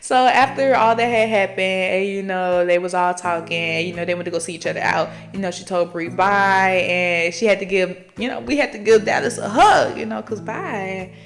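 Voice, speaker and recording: A woman of middle pitch retells a romance novel in loose, slang-heavy chat, swearing freely and calling out to her listeners as she goes. Faint music plays under her voice. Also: moderate pace, few pauses. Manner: chatty, slangy and profane, addresses listeners directly. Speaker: book podcast host. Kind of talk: casual book recap storytelling.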